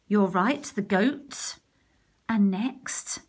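A woman's voice: medium pitch, slow pace, breathy edge. A woman teacher reads a picture-book story aloud for young children. She takes her time, lingering over words as her voice rises and falls. She often stops to ask the listeners questions and invite them to join in. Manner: asks listeners questions, gentle and expressive.

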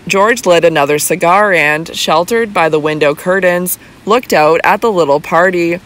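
An audiobook narrator reading a classic novel in measured, even, scripted narration. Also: mid-range voice.

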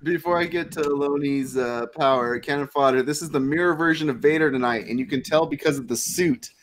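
A man hosting a live podcast, easygoing, reading out viewer comments with drawn-out fillers. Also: fairly high pitch. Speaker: podcast host reading chat. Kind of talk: casual nerd-news chat.

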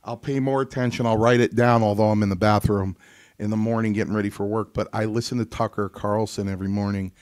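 A man with a fairly low voice, talking in a rambling, storytelling way with frequent restarts. The sound is dry and close. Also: fairly even intonation, fast, darkish tone, no room sound. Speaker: host. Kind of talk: casual talk show conversation.

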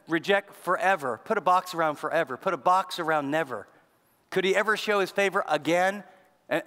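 Man preaching in a big reverberant hall. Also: fairly high pitch. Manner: conversational preaching, acts out quoted voices, shifts between loud and soft. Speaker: pastor. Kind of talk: sermon. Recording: long reverb of a large hall.

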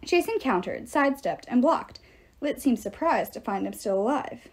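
A woman reading a novel aloud with expressive, dramatic narration. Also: fairly high pitch, moderate pace, breathy edge. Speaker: audiobook reader.

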